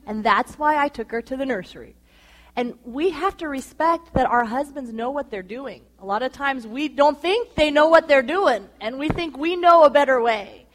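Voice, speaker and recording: A woman in her thirties speaks to a women's gathering in a high, bright-pitched voice. She tells a personal story in a chatty, animated way. She acts out the lines people said. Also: normal speed.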